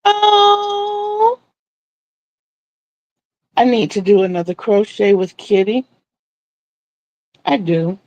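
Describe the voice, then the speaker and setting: A woman's voice: medium pitch, measured pace, long pauses, mellow, no room sound. An older woman chatting casually on a live stream as she crochets, rambling and repeating herself.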